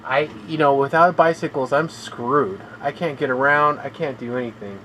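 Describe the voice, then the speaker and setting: A man talking in a flat, weary monotone on a casual live stream from his home room, sounding tired and in pain as he complains. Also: mid-range voice, moderate pace, a little hiss or hum, poor audio. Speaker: gaming streamer.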